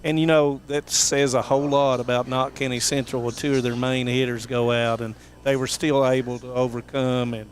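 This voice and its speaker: A man commentating local high school sports in a folksy, rambling way, with many fillers and restarts. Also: flat delivery, moderate pace, hardly any pauses, a little hiss or hum.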